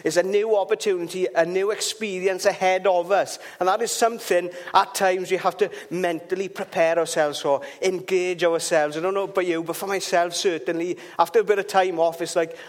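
A man's voice: sits high, fairly even intonation, fairly quick, hardly any pauses. A man giving an informal devotional talk, chatty and rambling, with asides and restarts.

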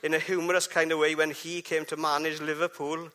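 A man's voice: a little high, level tone, a little fast, sharp tone. A man giving a chatty, jokey church talk, often asking the congregation questions. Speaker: preacher.

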